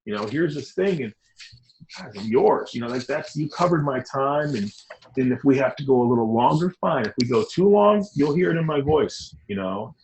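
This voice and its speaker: A middle-aged man, a designer as interview guest, talking in an animated, rambling, emphatic way. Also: mid-range voice, moderate pace, a little hiss or hum, low-quality recording. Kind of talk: casual interview talk.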